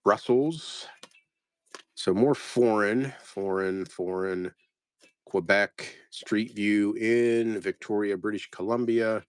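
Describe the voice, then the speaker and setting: A man's voice: on the low side, takes it slowly, no room sound, studio quality. A man casually talking through a lot of postcards, muttering place names one by one and trailing off. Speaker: postcard reseller. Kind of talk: casual commentary sorting postcard lots.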